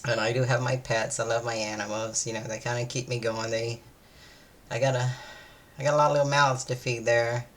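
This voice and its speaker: A tired woman, chatting casually in a vlog, meandering and hesitant, with many fillers and restarts. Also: extremely low pitch. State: weary, low-energy. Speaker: vlogger. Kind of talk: casual day-in-my-life chat.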